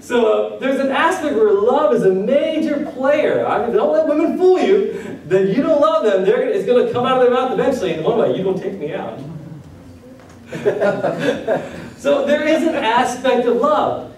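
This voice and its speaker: Extremely high-pitched and expressive yet a little mellow, this male pastor preaches at a moderate pace, keeping things casual by joking with the congregation and asking questions. His voice echoes through the sanctuary, recorded from a distance.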